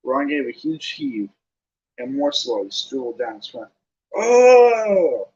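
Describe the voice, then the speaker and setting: A man narrating an audiobook, reading lively with casual asides. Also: medium pitch, unhurried, highs cut off.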